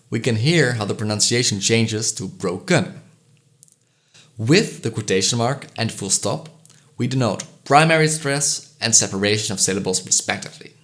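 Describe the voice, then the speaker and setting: A man giving a scripted educational voice-over, explaining pronunciation clearly and slowly sounding out example vowels. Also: mid-range voice, a bit bright. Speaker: language educator.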